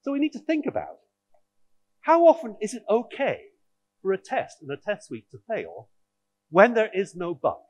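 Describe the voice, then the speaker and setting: A man's voice: sits high, huge pitch swings, normal speed, long pauses, a little mellow, dry recording. A man giving a technical conference talk, explaining in a wry, audience-directed way. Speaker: conference speaker.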